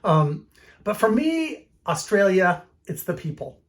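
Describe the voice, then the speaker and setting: A man's voice: sits high, very animated, takes it slowly. A man in his fifties answering fan questions in a casual, rambling way, full of fillers and restarts. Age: 50s. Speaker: film music director answering fan questions.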